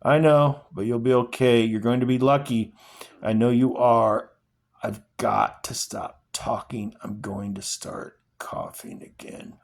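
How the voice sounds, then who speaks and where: A man reading aloud and voicing a dying father who gently urges his son on. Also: mid-range voice, big pitch swings, unhurried, gravelly. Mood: tender. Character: dying father, weary, tender and steadfast.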